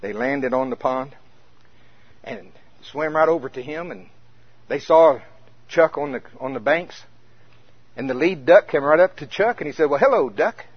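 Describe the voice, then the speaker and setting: A pastor telling a folksy story in a conversational sermon, with a casual manner. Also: male voice, on the high side, measured pace, pauses often, husky. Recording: muffled lo-fi recording.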